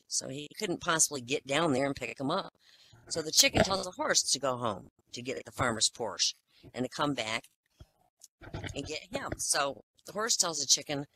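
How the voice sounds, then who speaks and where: A man tells raunchy jokes in a loose, easygoing storytelling style. His voice is bright and forward, with faint noise behind it. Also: on the high side, lively intonation, moderate pace, low-quality recording. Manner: loose, casual storytelling with fillers. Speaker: joke teller. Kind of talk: telling dirty jokes aloud.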